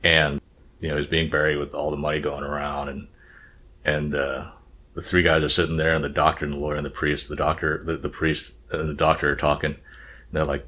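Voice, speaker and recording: A man's voice: very deep voice, flat delivery, brisk, sharp tone. A male podcast co-host telling jokes in a casual chat, rambling and restarting as he goes. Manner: rambling, restarts, puts on voices.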